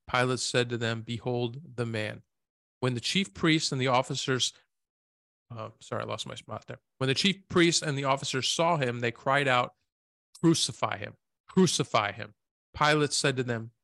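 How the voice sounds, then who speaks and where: Bright, dry-voiced man reading scripture. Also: mid-range voice, no room sound. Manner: reads scripture aloud, laughs easily. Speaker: podcast co-host. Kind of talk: Bible reading and casual discussion.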